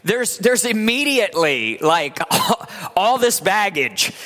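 A man from Virginia, preaching a sermon in a lively, conversational way in a church. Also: high-pitched, slow pace. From West Virginia. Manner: lively, conversational preaching with laughs and acted asides. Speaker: pastor. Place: church sanctuary. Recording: long hall reverb.

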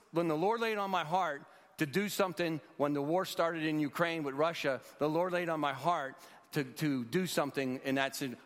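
A man's voice: a little high, a bit bright. A man in his sixties, leading a rescue mission, telling a testimony in an earnest storytelling preacher's manner. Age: 60s. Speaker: rescue mission leader speaking at churches. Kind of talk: testimony talk in a church. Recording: long hall reverb.

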